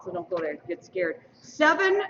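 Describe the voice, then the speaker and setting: Emceeing a school mock election in a school hall, a woman reads the results and throws in playful trivia asides, announcing lively to her audience. Her fairly low, fairly bright voice has big pitch swings at a moderate pace. Heard far from the mic on a dull lo-fi stream in the roomy hall, with a little hiss or hum.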